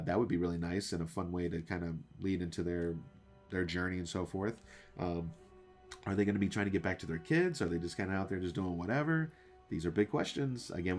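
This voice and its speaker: A man hosting his own channel, giving a casual, rambling episode review with many fillers and restarts, often asking his viewers questions. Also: deep voice. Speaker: show reviewer and channel host.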